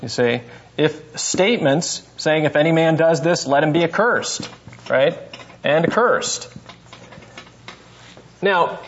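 A man's voice: on the high side, slow, long pauses, slight background noise. A male seminary professor leading a classroom Bible lesson, putting questions to students by name and thinking aloud as he goes. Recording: dull lo-fi classroom recording.

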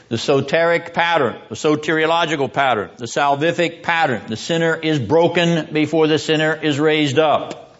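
A man giving a seminary Bible lecture, deliberate and often clearing his throat, dropping low and grave for emphasis. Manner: drops low and grave when stressing judgment. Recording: dull lo-fi lecture recording.

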